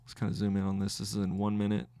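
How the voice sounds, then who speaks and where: A low, gravelly male voice talking through his trades live, thinking aloud and stopping to recount figures. The sound is dry and close, with no room around it. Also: monotone, very fast, mellow, no echo. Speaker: trading podcast host. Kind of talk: live trading commentary.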